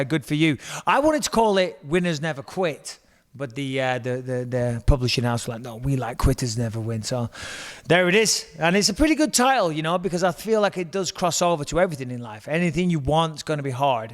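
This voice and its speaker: Chatty English man in his forties. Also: a little high. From England. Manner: chatty, joking, animated storyteller. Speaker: interview guest, retired fighter. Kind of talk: casual storytelling interview. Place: indoors at a kitchen table.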